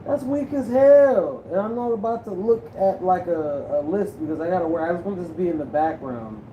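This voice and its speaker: A man's voice: high voice, animated, moderate pace, highs cut off, a little hiss or hum. A young man rambling casually about movies while he edits, profane and loose, with many restarts. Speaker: movie vlogger.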